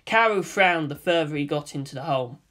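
A reader narrating a fan-fiction story aloud with expressive storytelling. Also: medium pitch, brisk.

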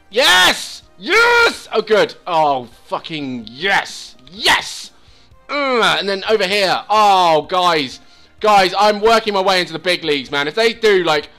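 A man commentating his own game, swearing and pleading with it out loud. His pitch leaps wildly and his tone is bright and sharp, with game music faintly underneath. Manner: excitable, swearing, talks to the game. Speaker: gaming channel host. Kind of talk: let's play commentary.

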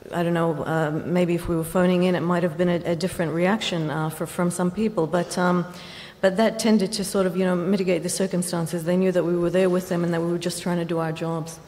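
A woman journalist on a festival panel, recounting her reporting in a measured way with pauses. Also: on the low side, darkish tone. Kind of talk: panel discussion. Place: large festival hall. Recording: long reverb of a festival hall.

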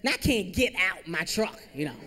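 A young man doing stand-up comedy on a theater stage, animated and self-deprecating, peppering his talk with "you know.". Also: high voice, normal speed, long reverb tail. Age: 20s. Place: theater stage with live audience.

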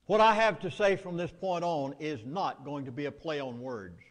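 With a long reverb tail trailing his words, a middle-aged Southern US man addresses a meeting in a fairly high voice at a moderate pace. His public speech is full of emphatic, urgent warnings.

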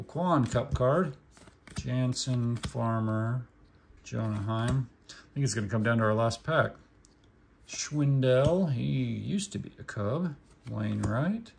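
Gravelly-voiced man with an Okie-Hoosier twang, unhurried, reads names off one by one, faint hum behind him. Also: medium pitch, darkish tone. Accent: Oklahoma and Indiana mix. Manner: reads names aloud one by one with short remarks. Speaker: card collecting channel host. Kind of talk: casual pack-opening commentary.

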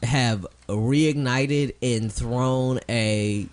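A man's voice: medium pitch, drawn-out words. A young man co-hosting a podcast in casual chat, laughing often, swearing freely and slipping into goofy voices. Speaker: podcast co-host.

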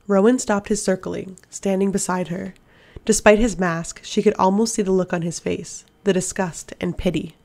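A woman reading a fantasy novel aloud in a measured, steady narration. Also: mid-range voice, gravelly. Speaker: audiobook reader. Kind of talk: fiction audiobook narration.

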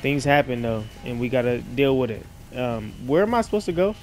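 A man giving casual, slangy commentary while playing a horror game in a dark room at night, yelping when startled. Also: medium pitch, big pitch swings, a little fast, soft background music. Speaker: gaming streamer. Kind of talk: casual let's-play commentary.

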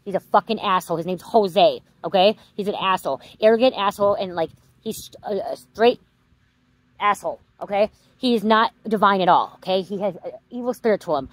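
Fast-talking venting woman tarot reader. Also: mid-range voice, no echo, low-quality recording. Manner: venting, repeats "okay?", swears often. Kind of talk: casual vlog rant.

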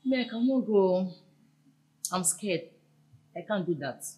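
A woman's voice: mid-range voice, lively intonation, a little slow, a little mellow, natural voice, low-quality recording. An actress with a Nigerian accent playing an anxious wife who confides in her friend and protests her advice. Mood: fretful. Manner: fretful, protesting.

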